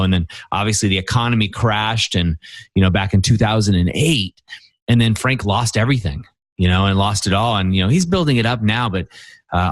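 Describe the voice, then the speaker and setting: A man's voice: on the low side, no echo. A man hosting a men's coaching podcast, telling stories emphatically with lots of "you know" and "right?". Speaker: podcast host. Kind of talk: conversational coaching talk.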